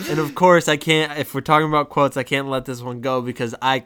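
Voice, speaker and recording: A man with a smooth, resonant voice chats about a comedy film on a podcast. He laughs easily and slips into quoted lines with obvious delight. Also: mid-range voice, steady tone, moderate pace, fairly bright tone. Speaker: podcast co-host. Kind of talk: casual movie chat.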